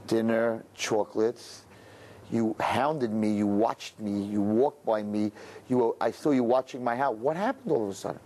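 A man's voice: lowish voice, normal speed, a little mellow, pitched below the performer's own voice, close to an everyday voice. Man doing a pleading young woman.

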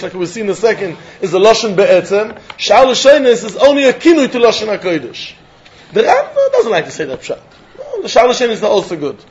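A man giving a Talmud lecture, animated, firing rhetorical questions and chuckling often. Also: high voice. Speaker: Talmud teacher. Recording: dull lo-fi recording.

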